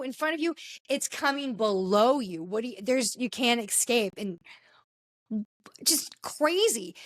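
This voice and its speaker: A woman hosting a podcast, telling stories in a casual, animated way with frequent exclamations. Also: high-pitched, dry recording. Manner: animated storytelling, exclaiming often. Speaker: podcast host.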